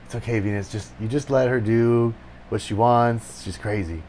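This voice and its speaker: A man doing a soft-spoken male bard. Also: fairly low pitch, steady tone, fairly quick, a little hiss or hum, pitched below the performer's own voice, close to an everyday voice. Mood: hushed. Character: easygoing male bard, gentle and nervous.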